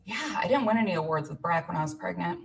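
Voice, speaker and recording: A woman's voice: on the low side, expressive, fast, gravelly, a little hiss or hum. A woman in her thirties, from Illinois, filling in as host of a casual live stream, chatting and rambling to viewers with frequent laughs. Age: 30s. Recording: voice a bit far from the mic.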